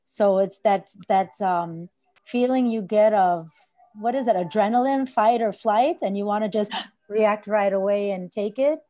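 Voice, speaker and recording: A woman in a workshop discussion explains her experience haltingly, pausing to find her words. Her pitch is middling. The sound is dry and close. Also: dark tone, dry recording. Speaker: workshop participant. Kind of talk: casual discussion.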